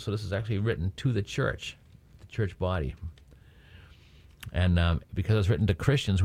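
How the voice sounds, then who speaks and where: A man's voice: low-pitched, darkish tone, no room sound. Man teaching the Bible with "right?" checks. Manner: frequent "right?" checks with listeners.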